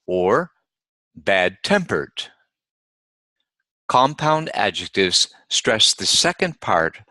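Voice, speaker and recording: A man teaching English pronunciation in a low, bright-edged voice, taking his time and saying each example word twice. The sound is close and dry, with no room echo. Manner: deliberate, repeats example words. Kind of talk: instructional lesson.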